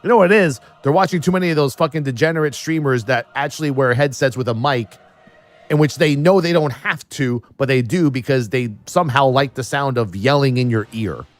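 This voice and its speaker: A man's voice: medium pitch, brisk, no echo. Profane sarcastic man streaming. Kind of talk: casual live-stream chat.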